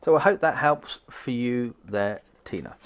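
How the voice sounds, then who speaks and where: A man's voice: mid-range voice, expressive, a little slow. A man doing a live tarot card reading, chatting upbeat with viewers and acting out little conversations. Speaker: psychic card reader.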